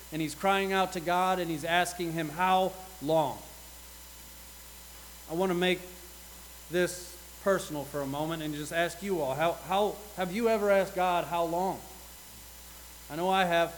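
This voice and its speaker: A man with a high voice preaches an earnest sermon to his congregation. He reads scripture aloud with rising intensity. A faint hum sits underneath the recording. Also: poor audio.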